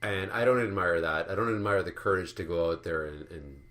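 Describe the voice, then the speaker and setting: A man's voice: deep voice, a little fast, a bit bright. A man delivering a rambling, profane, sardonic rant as an art commentary vlogger. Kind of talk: ranting monologue.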